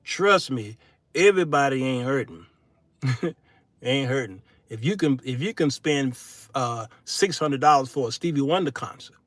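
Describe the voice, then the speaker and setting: A middle-aged man hosting his own show in a solo monologue, turning from preachy sermonizing to folksy comic storytelling with shouted punchlines. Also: medium pitch, lively intonation, normal speed, dry recording. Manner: folksy, casual speech. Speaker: show host.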